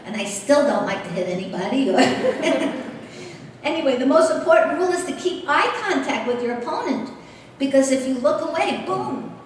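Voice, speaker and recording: Animated woman speaking in an echoing hall. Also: sits high, normal speed, a little hiss or hum. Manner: lively, animated storytelling with laughter. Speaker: guest speaker. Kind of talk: personal storytelling speech. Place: large convention hall. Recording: echoey hall heard from far off.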